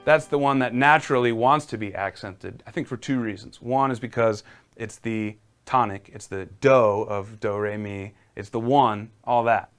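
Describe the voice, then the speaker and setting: A man's voice: on the low side, moderate pace. A man teaching a casual live-streamed piano lesson, encouraging and talking viewers through exercises.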